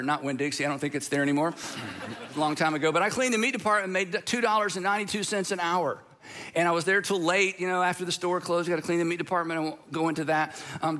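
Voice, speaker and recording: Conversational pastor, bright voice. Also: male voice, a little high. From Southern United States. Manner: conversational storytelling with asides. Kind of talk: sermon.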